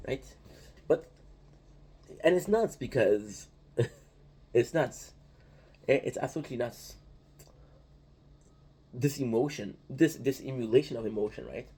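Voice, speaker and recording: A man talks in a loose, rambling monologue, tagging "right?" onto nearly every point. His voice is dark and soft-edged, with a slight huskiness. He restarts phrases often as he thinks aloud. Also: medium pitch, normal speed, pauses often, slightly rough. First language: French. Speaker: channel host.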